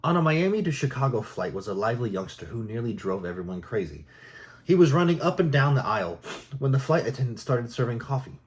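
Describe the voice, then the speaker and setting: A man reading jokes aloud in a soft, unhurried ASMR style. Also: mid-range voice, very animated. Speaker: joke reader.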